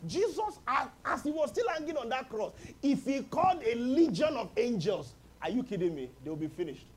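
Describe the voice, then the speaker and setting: A man's voice: extremely high pitch, big pitch swings, normal speed, breathy edge, low-quality recording. A man preaching a humorous sermon as pastor, calling on the congregation to respond. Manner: humorous, chuckles often, calls for congregation responses. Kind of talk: lively sermon.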